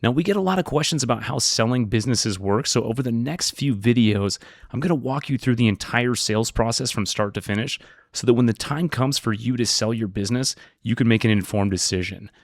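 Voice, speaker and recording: A man's voice: medium pitch, fairly quick, dry recording, clean studio sound. A man working as a business broker, presenting an explainer video in a direct, upbeat teaching tone.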